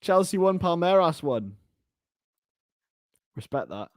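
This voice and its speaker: A young man hosting a casual live stream, chatting and joking as he answers viewer comments in quick bursts. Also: on the high side, very animated, no echo, studio quality. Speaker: host of a fan channel.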